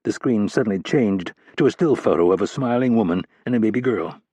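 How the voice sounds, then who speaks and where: A man narrates a thriller audiobook in a measured, steady manner. His voice sits low with a husky grain. The sound is close and dry, with no room around it. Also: no room sound.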